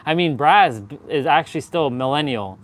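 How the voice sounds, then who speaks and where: A man's voice: on the high side, lively intonation, normal speed. A young man in casual chat while working out, joking and swearing loosely, repeating himself, a bit winded between sets. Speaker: fitness vlogger.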